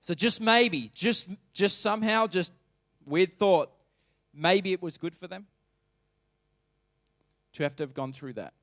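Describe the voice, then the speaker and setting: A man's voice: high voice, animated, unhurried, long pauses, fairly bright tone, no echo, studio quality. A man preaching a sermon as pastor, talking conversationally and emphatically and putting questions to the congregation.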